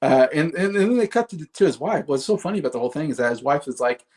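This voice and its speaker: A man's voice: fairly high pitch, lively intonation, quick pace, a little mellow. A man giving a casual solo commentary on movie awards, chatty, with frequent fillers and laughs.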